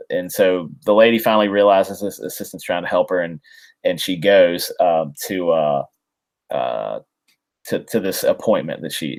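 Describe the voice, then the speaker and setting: A man co-hosting a casual comics podcast, recapping a story with lots of ums and restarts. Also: sits low. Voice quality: rambling, many fillers. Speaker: podcast co-host. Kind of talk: casual chat.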